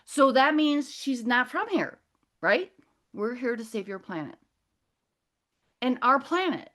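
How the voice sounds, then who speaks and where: A woman's voice: high-pitched, very animated, slow pace, pauses often, a bit bright. A middle-aged woman speaking to a group, chatty and digressive, often laughing as she tells a personal story. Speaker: guest speaker. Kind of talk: casual talk to a group.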